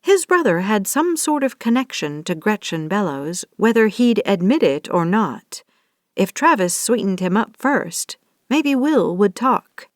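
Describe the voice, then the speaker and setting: A woman narrating a romance audiobook in a steady, scripted reading. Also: medium pitch, a little slow, no room sound, clean studio sound.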